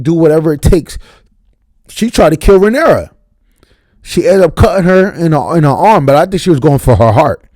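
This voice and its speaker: A man's voice: on the high side, dry recording. Hyped, swearing New guy. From New York area. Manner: profane, animated and emphatic, trails off on "man". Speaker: TV review vlogger. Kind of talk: excited casual review rant. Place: at home late at night.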